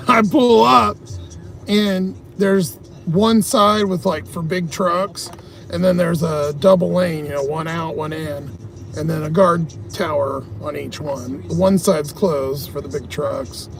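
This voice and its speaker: A man's voice: a little high, slow, creaky, noisy background. A man chatting on a live stream, telling a story in a loose, profane way and laughing often. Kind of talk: casual livestream storytelling.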